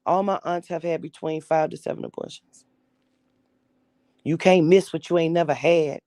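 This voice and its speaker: A woman's voice: deep voice, steady tone, normal speed, pauses often, dark tone, no echo. A young adult woman candidly telling her own life story in blunt, profane everyday speech, acting out the voices of the people she quotes.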